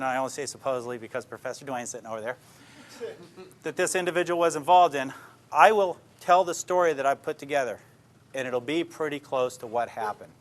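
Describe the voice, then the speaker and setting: An older man, a police detective, giving an informal talk to a live audience, plainspoken and full of anecdotes that he checks in on with his listeners. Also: on the high side. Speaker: police detective speaking to a class.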